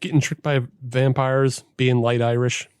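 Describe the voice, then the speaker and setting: A man co-hosting a podcast, trading teasing jabs and laughing often in loose chat. His voice sits at an ordinary pitch, heard close and dry, with no room around it. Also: level tone, unhurried, a little mellow, clear, resonant tone, dry recording. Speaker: podcast co-host. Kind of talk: casual chat.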